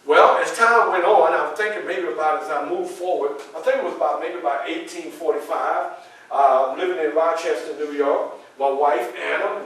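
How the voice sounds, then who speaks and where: A man performing a first-person historical story, addressing a live audience as a lively storyteller. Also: fairly high pitch. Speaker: historical reenactor. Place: public library event room. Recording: echoey room from far off.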